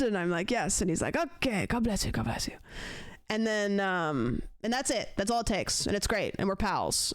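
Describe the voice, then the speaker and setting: A young woman streams from a dry, close-miked space, her voice smooth and clear. She rambles through a story for her chat, casual and animated, putting on quick voices for the people she quotes. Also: medium pitch, no room sound. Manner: chatty, animated retelling with acted-out quotes.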